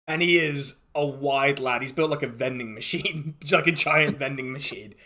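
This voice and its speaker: A man's voice: mid-range voice, moderate pace, a crowd in the background. A man narrating a tabletop game as game master, in an amused, rambling way with frequent restarts.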